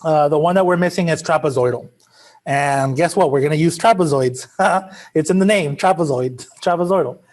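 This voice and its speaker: High-voiced, joking male math teacher. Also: normal speed, darkish tone. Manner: casual, joking, chatty asides. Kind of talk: classroom lecture. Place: classroom.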